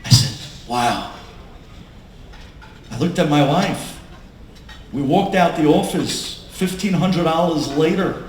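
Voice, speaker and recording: Dramatic, slow-paced rabbi in an echoey hall. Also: male voice, fairly high pitch. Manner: dramatic storytelling, swings from hushed to shouting. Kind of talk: inspirational talk to an audience. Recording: echoey hall with faint room noise.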